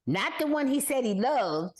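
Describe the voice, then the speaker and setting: An older woman co-hosting a casual podcast chat, talking in an animated way and mimicking people with exaggerated high wails. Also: normal speed. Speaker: podcast co-host.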